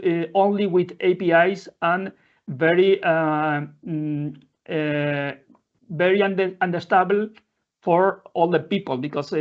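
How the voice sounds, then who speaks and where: A man presenting a live software demo in non-native English, halting often with fillers and restarting his sentences. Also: a little high. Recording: dull lo-fi audio.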